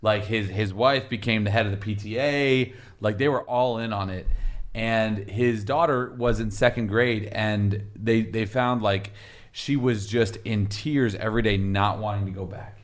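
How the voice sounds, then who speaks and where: Low-voiced man telling a story. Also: a little slow. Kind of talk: podcast discussion.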